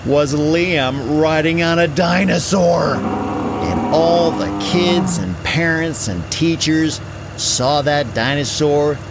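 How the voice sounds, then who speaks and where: An adult telling a children's story aloud in an animated, unhurried way. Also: mid-range voice, very noisy.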